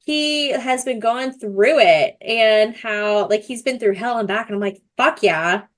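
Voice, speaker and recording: A woman's voice: fairly high pitch, measured pace. A young woman co-hosting a casual book podcast, blunt and swearing freely. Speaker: podcast co-host.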